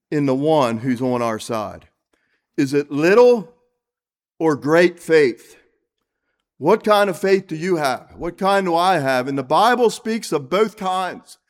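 A man's voice: a little high, lively intonation, takes it slowly, long pauses. A man preaching an evening sermon, reading scripture and asking the congregation earnest questions. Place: church, evening service.

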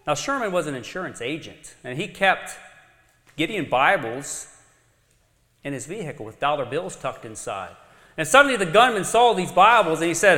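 A man preaching a sermon, telling a story with dramatic rises and sudden quiet drops. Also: on the high side, sing-song, normal speed, long pauses. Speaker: pastor. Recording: long reverb of a large hall.

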